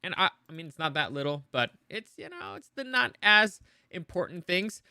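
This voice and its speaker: A man's voice: sits high, very animated, moderate pace, pushed and bright, clear, resonant tone, dry recording, clean studio sound. A man hosting a casual entertainment news show, rambling with many restarts and opinionated asides.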